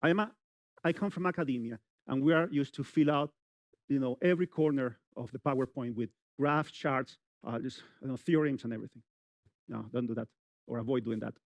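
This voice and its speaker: A middle-aged man giving a public speaking lecture at a university, talking straight to the audience in an animated way with many "you know" fillers. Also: medium pitch, brisk, no room sound.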